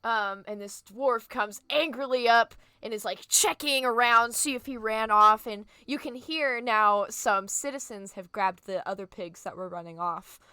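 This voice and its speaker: A woman's voice: on the high side, a little slow, hardly any pauses, pushed and bright, clean tone, dry recording. A woman narrating as game master of a tabletop game, descriptive and full of fillers. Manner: descriptive, filler-heavy, laughs easily.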